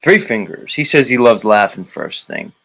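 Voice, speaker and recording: A man's voice: on the low side, big pitch swings, creaky, a bit bright, poor audio. A man hosting a livestream in a casual, teasing way, greeting viewers and reading their comments aloud. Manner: teasing, drawn-out, laid-back. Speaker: livestream host.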